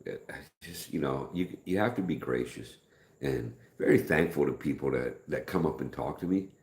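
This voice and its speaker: A middle-aged man hosting a casual live stream, rambling in a folksy way, greeting viewers by name and speaking softer than usual. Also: extremely low pitch, lively intonation, moderate pace, reverberant.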